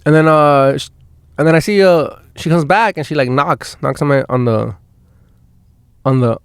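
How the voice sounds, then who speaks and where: A man's voice: on the high side, moderate pace, clear, resonant tone, dry recording. Rambling, foul-mouthed man telling stories. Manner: rambling, swears a lot, many restarts. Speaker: podcast host. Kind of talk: casual storytelling. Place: inside a van.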